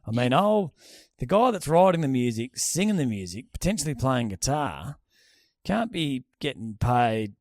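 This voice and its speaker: A man's voice: medium pitch, sing-song, moderate pace, a little mellow, no echo, clean studio sound. An Australian man co-hosting a podcast, bantering bluntly and jokingly in casual chat. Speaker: podcast co-host.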